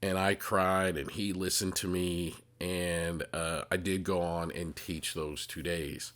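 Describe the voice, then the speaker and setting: Deep-voiced guy on his podcast, earnest storytelling, keeps restarting sentences. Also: little pitch movement, slow pace, a bit bright. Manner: earnest, conversational, repeats himself and restarts. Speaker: podcast host, psychotherapist. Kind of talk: personal storytelling monologue.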